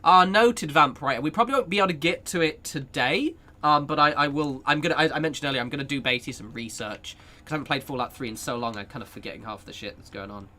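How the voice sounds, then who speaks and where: A man's voice: on the high side, fast, few pauses, bright, forceful tone. A young man chatting casually with viewers while he plays a game, rambling, laughing and swearing as he goes. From United Kingdom. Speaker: streamer. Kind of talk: casual chat while gaming.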